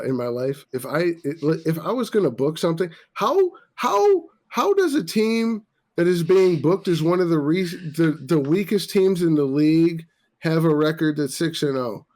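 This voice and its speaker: A man's voice: a little high, darkish tone. A man hosting a casual podcast, ranting profanely about sports after a few drinks. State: tipsy. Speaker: podcast host.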